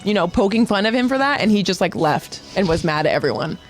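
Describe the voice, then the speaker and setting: Woman, podcast co-host, casual storytelling, animated, swears, acts out quotes, faint music behind. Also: medium pitch, fast talker.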